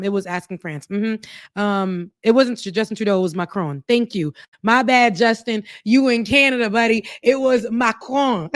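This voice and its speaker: A woman of Haitian background co-hosting a podcast, animated and opinionated, sometimes mocking. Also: on the high side, no room sound, clean studio sound. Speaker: podcast co-host. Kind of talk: casual opinion talk.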